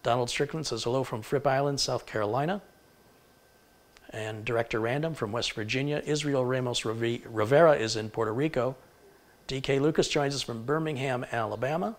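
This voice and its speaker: A man of average pitch hosts a live tech stream, rattling off the towns and countries his viewers are watching from. He moves briskly down the list and stumbles now and then over an unfamiliar name. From Michigan. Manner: reads out place names briskly, stumbles over pronunciations. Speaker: tech livestream host. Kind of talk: live stream, reading viewer shout-outs.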